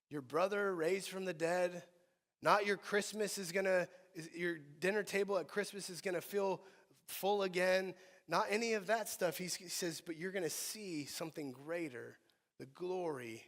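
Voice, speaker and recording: High-voiced man preaching in a reverberant church. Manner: animated preaching, swinging from soft to loud. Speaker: pastor. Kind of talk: sermon. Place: church sanctuary.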